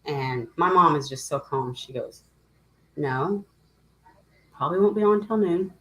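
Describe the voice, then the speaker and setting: A woman's voice: low-pitched, lively intonation, unhurried, rough recording. A middle-aged woman hosting a casual livestream chat, talking in a rambling, emotional way and greeting viewers by name. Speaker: livestream host.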